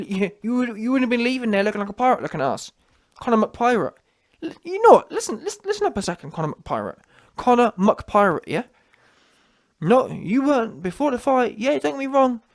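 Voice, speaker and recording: A man rants straight into the camera in a taunting, mocking tone. He talks in street slang and keeps circling back with "yeah?" to hammer each point home. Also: sits high. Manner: taunting, repetitive, slangy, with frequent "yeah?" tags. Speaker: commentary channel host. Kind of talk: mocking reaction rant.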